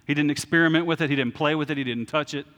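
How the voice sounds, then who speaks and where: A man with a fairly high voice preaches a sermon that sounds like a conversation, plain-spoken and self-deprecating, often pausing to ask "okay?". His voice carries a long reverb, as if from a large church hall. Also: a bit bright. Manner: informal and plain-spoken, with frequent "okay?" check-ins and self-deprecating humor. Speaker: pastor.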